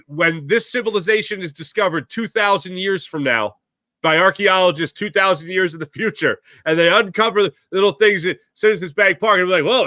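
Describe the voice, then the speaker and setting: A man hosting a solo sports talk show, ranting in an animated way and putting on voices for the people he quotes. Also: fairly high pitch, dry recording, studio quality. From Philadelphia area.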